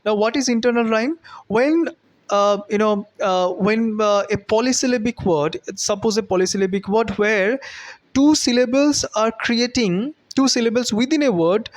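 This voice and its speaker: A man teaching a recorded lecture, halting, with frequent fillers and self-corrections, repeating key terms slowly for emphasis. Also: sits high.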